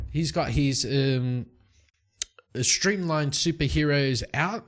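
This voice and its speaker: A man casually narrating his solo tabletop roleplaying game from his home study, relaxed and rambling. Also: mid-range voice. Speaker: solo tabletop game player and channel host.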